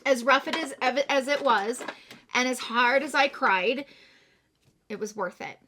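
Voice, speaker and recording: A middle-aged woman with a bright, somewhat high voice talks straight to her viewers as she does her makeup. She sounds chatty and heartfelt, tearful after a morning of crying. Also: measured pace. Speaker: beauty vlogger. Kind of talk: casual get-ready-with-me chat.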